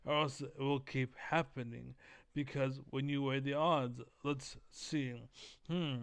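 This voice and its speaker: A keyed-up, energetic man reacts to a video with hot-tempered, profane remarks, speaking bluntly and filling gaps with words like "basically." His voice is medium-pitched, clear, and resonant, recorded with no room sound.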